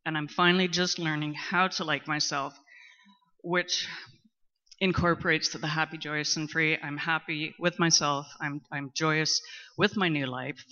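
A middle-aged woman, speaking candidly in a personal testimony at a recovery meeting, talkative and at times loud and boisterous. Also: low voice. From Canada. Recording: muffled lo-fi recording.

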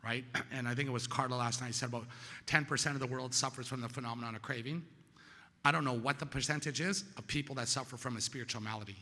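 A middle-aged man giving personal testimony at a recovery meeting, telling his story with sudden loud peaks and quiet drops. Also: mid-range voice, fairly even intonation, quick pace, in a large hall.

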